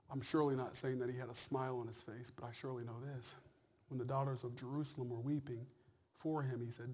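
A man preaching a sermon, swinging between loud, drawn-out cries and hushed whispers. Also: medium pitch, level tone.

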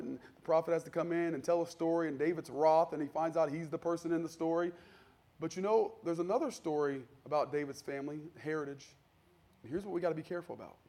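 A man preaching a sermon in a conversational style, acting out the people in his stories and building to loud, fervent peaks. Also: on the high side. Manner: conversational preaching, acts out quoted voices, builds to shouting. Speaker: pastor.

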